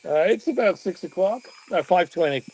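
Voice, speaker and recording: A man from Canada chatting easily on a live stream, relaxed and often trailing off quietly. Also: sits high, normal speed, slightly rough, low-quality recording. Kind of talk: casual live-stream chat. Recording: dry close sound.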